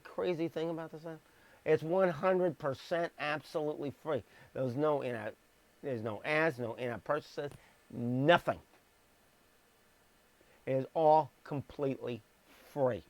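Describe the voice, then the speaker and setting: Blunt man, fairly high, dry sound. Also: a little mellow, dry recording. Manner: blunt, emphatic, with sarcastic asides. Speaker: streamer reading scripture. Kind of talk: live-streamed Bible message. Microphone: streaming microphone.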